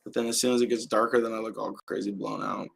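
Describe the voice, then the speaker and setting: A man hosting a casual live stream at home, talking in a relaxed, rambling way with frequent restarts. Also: on the low side, quick pace, gravelly, breathy edge. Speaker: host. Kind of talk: casual livestream talk. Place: indoor home setup with adjustable lights. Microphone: camera mic on a live stream.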